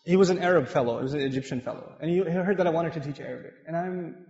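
Male preacher from Pakistan, lively humorous sermon, long hall reverb. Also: a little high, very fast. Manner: animated, humorous storytelling. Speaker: mosque lecturer. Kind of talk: sermon with personal stories. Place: mosque hall with women's gallery upstairs. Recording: echoey hall, dull sound.

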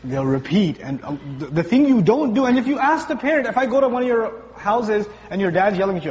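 Male preacher, high voice, playful storytelling delivery; muffled, reverberant hall recording. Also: a little fast, hardly any pauses. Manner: lively, conversational, acts out everyday voices. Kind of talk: sermon. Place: large gathering hall with congregation. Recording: distant voice in a large hall, muffled, faint hum.

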